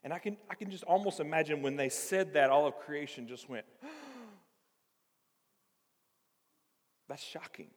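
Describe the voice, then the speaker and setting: A man preaching a sermon, animated, acting out the voices of the passage as he teaches. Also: a little high, quick pace, few pauses. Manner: animated, acts out voices of the text. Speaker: pastor. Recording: reverberant hall.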